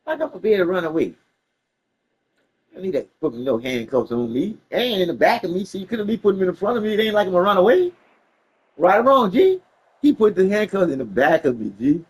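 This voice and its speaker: A man telling a story casually, animated and profane, laughing along the way. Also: high-pitched, husky, rough recording.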